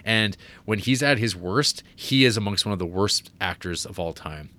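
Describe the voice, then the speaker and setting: A man's voice: on the low side, moderate pace, pushed and bright. A man co-hosting a podcast, chatting casually about a movie, rambling with fillers, restarts and laughs. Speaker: podcast co-host.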